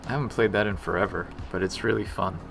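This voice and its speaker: A man with a gravelly, creaky voice chats casually while he works on a live stream. He is self-deprecating and drops into quiet mutters, with faint music under his talk. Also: low voice, fairly even intonation, fast. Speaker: game developer streaming his work.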